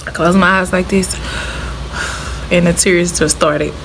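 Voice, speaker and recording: A woman's voice: lowish voice, steady tone, a little slow, gravelly, background noise. A young woman vlogging to camera, a former teacher telling her story in a heartfelt, chatty way. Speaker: vlogger, former middle school art teacher. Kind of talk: casual talk to camera.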